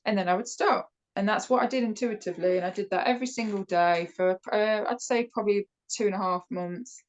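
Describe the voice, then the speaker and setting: A woman from the United Kingdom with a British accent, a podcast guest telling a personal story in a casual, animated way, with many fillers and restarts. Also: mid-range voice, fairly quick, poor audio. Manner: laughs often while telling the story.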